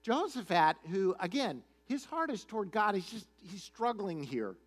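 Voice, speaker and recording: Animated high-voiced male pastor. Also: normal speed, husky, faint music behind. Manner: animated, chatty, conversational. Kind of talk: sermon storytelling.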